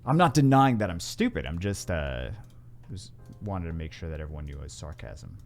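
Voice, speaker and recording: A man's voice: very deep voice, animated, brisk, vocal fry, a little mellow, faint music behind. A man hosting a gaming video, rambling through casual gameplay commentary with wry asides and frequent self-corrections.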